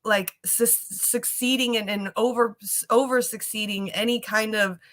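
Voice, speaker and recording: A young woman hosts a casual live show with a bright, forward voice. She rambles emotionally, repeating words and restarting sentences as she goes. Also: on the high side, fairly even intonation, unhurried. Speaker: show host. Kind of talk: casual emotional livestream chat.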